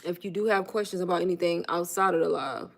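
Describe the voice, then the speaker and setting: A woman's voice: fairly low pitch, quick pace. Chatty woman on a phone livestream. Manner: chatty, calls her viewers "y'all", informal grammar. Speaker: online business coach. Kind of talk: casual livestream talk to viewers.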